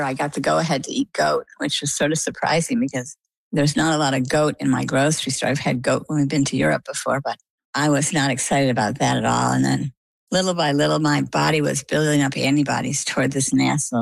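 A middle-aged woman from Maine, a guest in an interview, telling her story in a lively, conversational way and acting out the quoted dialogue. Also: a bass voice, a little fast, vocal fry, husky, no echo, low-quality recording. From Maine, USA.

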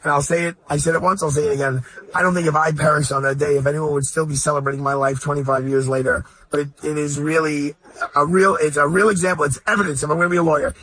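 A man hosting a heartfelt radio interview, talking in an effusive, overflowing way. His voice sits a bit high and sounds husky. He is middle-aged and often runs over his guest's answers. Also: a bit bright, poor audio. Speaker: radio host. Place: high-floor room, then a golf course.

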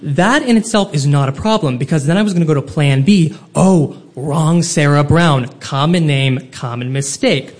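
A man with a fairly high voice tells a funny personal story to a live audience from a stage. He talks in a comic, self-deprecating way and keeps the telling lively and animated. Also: normal speed, hardly any pauses.

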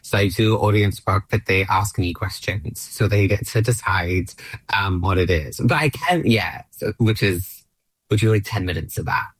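A man's voice: deep voice, normal speed, breathy edge, dry recording. A man from Australia in his late thirties, a comedian guest, rambling in a self-deprecating way with many fillers. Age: late 30s. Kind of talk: casual chat.

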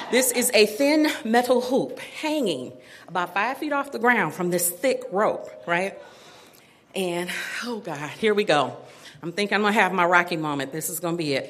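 A middle-aged woman telling a personal story to an audience, animated and self-mocking, laughing often. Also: mid-range voice.

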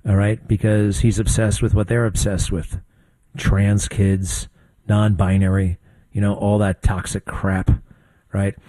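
A man's voice: fairly low pitch, mellow, no echo, rough recording. Older man hosting opinionated talk radio. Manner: rambling, conversational, folksy asides. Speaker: radio host.

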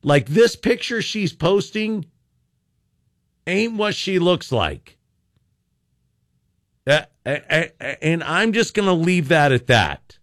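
Older radio host guy ranting, sarcastic, kinda high voice, dry close sound. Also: very animated, slow, long pauses, fairly bright tone, no room sound. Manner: sarcastic, ranting, rambling with restarts. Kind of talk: talk radio rant.

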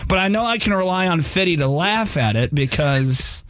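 A man's voice: high-pitched, expressive, moderate pace, fairly bright tone, dry recording. A man co-hosting a sports radio show, rambling and joking in casual banter, restarting his sentences often.

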